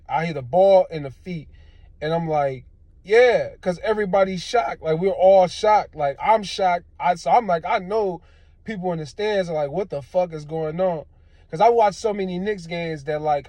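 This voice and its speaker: New fan vlogger, male, slightly high voice, dry close mic, profane and animated. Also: no echo. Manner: animated, profane, swings between groans and outbursts. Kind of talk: casual rant.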